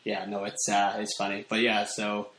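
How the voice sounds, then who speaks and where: Speaking at normal speed in a lowish, monotone yet fairly bright voice, a Northern Irish man from Ireland rambles through a casual chat as a podcast guest, with lots of fillers and restarts. Roomy echo and faint background noise fill the recording.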